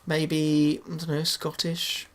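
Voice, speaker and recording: A man's voice: fairly high pitch, completely flat delivery, takes it slowly, fairly bright tone. Rambling guy narrating a football game. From England. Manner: rambling, hesitant, many fillers and restarts. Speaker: gaming YouTuber. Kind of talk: casual game commentary.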